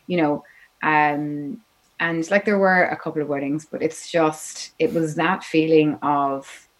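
Irish woman, interview guest, low and chatty, rambles through a story. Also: steady tone, a little slow. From Ireland. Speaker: guest musician. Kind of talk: casual interview chat.

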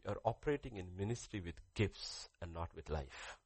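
A male pastor delivers a sermon in a gravelly, husky voice. His pitch swings widely as he stresses and repeats key phrases and puts questions to the congregation. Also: huge pitch swings, a little fast, hardly any pauses, no room sound.

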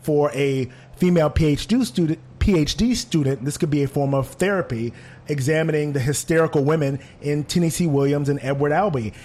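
A man in casual conversation, critiquing a theater production with animated asides. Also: on the high side, a little fast. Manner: animated, mimics voices when quoting. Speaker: theater reviewer.

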